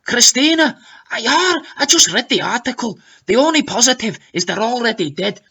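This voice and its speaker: A man's voice: extremely high pitch, lively intonation, moderate pace, gravelly, bright, forceful tone, breathy edge, voice pushed up, full character voice. A man voicing an indignant woman commenter in a put-on Scottish accent. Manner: indignant, reading aloud in put-on voice.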